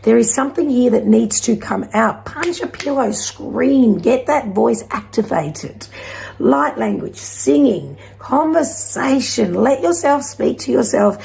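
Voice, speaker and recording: A woman giving a gentle, encouraging spiritual card reading to her viewers, rambling at times. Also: on the high side, lively intonation, unhurried, vocal fry. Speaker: intuitive card reader.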